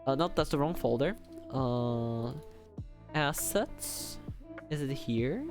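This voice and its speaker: A man's voice: mid-range voice, animated, takes it slowly. Rambling young male streamer, faint music. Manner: rambling and self-deprecating, many fillers. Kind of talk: casual livestream chat.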